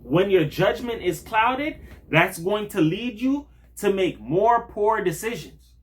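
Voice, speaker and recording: A man's voice: high-pitched, slow. Blunt, profane man ranting to camera. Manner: blunt, profane street slang, animated storytelling. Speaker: vlogger. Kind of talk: casual monologue to camera.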